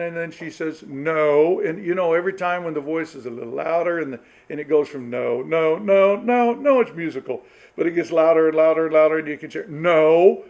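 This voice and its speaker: Man, middle-aged, church talk, folksy storytelling, acts out quotes, slightly high voice. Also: rough recording. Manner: lively, folksy storytelling with laughs and acted-out quotes. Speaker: speaker at a church marrieds group.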